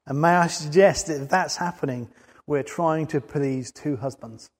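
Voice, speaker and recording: A man's voice: on the high side, normal speed. A man preaching a sermon in an earnest way, building to emphatic peaks. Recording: long hall reverb.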